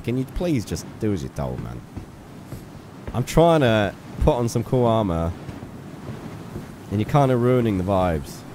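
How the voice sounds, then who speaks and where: Against a noisy background, a young man streams a game live, joking with his audience and telling off a character on screen. His voice sits fairly low.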